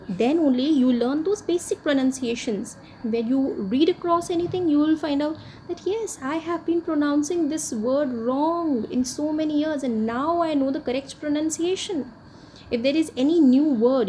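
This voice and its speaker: A woman's voice: high voice, warm tone, a little hiss or hum. A woman teaching a spoken lesson, patient and repetitive, often saying "yes" as she explains. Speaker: English teacher.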